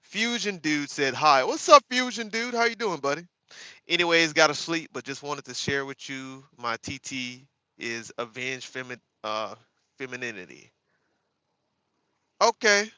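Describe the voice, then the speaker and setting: Guy hosting a livestream, bright sharp voice, kinda high, sarcastic, talks to chat like y'all. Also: a little slow, no room sound. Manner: sarcastic, animated, addresses viewers as y'all. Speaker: livestream host. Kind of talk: casual live chat reading viewer comments.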